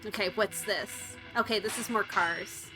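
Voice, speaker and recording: A woman's voice: mid-range voice, moderate pace, poor audio. A woman streaming, chatting casually to her viewers with plenty of "like" and "oh, shucks" exclamations. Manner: chatty, excitable, peppered with "like" and "oh, shucks". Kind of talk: casual chat while watching trailers. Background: trailer and game music.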